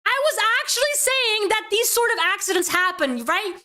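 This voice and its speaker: A woman streamer giving live reaction commentary, animated and quick to repeat herself when she gets worked up. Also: extremely high pitch.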